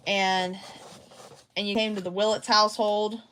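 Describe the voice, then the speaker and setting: A woman's voice: medium pitch, flat delivery, normal speed, a bit bright, a little hiss or hum. A woman vlogging casually at home about her craft projects, rambling and hesitant with many restarts. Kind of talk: casual talk to camera.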